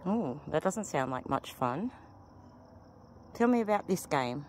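A woman's voice: deep voice, sing-song, measured pace, slight background noise. A woman paranormal investigator outdoors in a cemetery, asking spirits polite, coaxing questions. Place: outdoors in a cemetery beside a road. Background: cars passing faintly.

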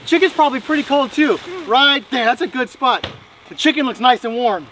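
A dad playing make-believe with his kids outdoors on a farm, talking in an animated, playfully dramatic way. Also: very high-pitched, brisk. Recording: noisy outdoor recording.

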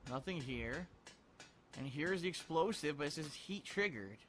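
A man's voice: a little high, animated, moderate pace, slight background noise. A man muttering his way through a video game, frustrated and swearing often. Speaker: let's play gamer. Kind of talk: live gameplay commentary.

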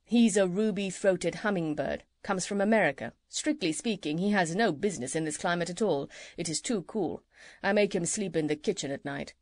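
A woman voicing a gentle, kindly male country doctor who chats fondly, in a lowered voice. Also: moderate pace, no echo, close to an everyday voice. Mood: fond, chatty.

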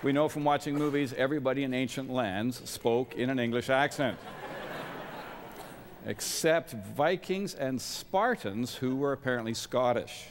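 A middle-aged man speaks as a guest at a large college chapel, delivering a sermon full of wry, self-deprecating humor. His mid-range voice moves at a moderate pace, with background noise and the chapel's long reverb in the recording.

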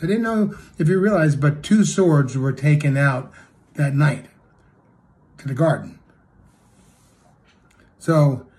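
A man preaching a sermon, retelling a story with acted quotes and swinging between loud and hushed delivery. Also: on the high side.

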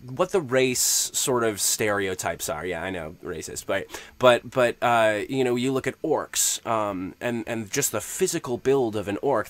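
A fairly low-pitched man talks through his approach to running tabletop games. He speaks in a loose, conversational tutorial manner, pausing and restarting often as he thinks aloud. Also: fairly bright tone. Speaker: game master giving tabletop tips.

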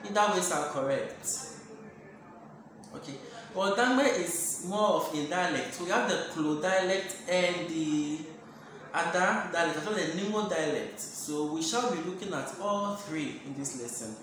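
Slow, patient man teaching phrases. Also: fairly high pitch, fairly bright tone. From Ghana. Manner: slow and repetitive, saying each phrase several times. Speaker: language teacher. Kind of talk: teaching a language lesson. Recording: very echoey room, faint background noise.

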